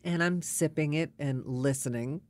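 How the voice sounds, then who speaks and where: A woman's voice: low-pitched, normal speed, a little mellow. A woman telling a personal story in a casual, wry and exasperated way.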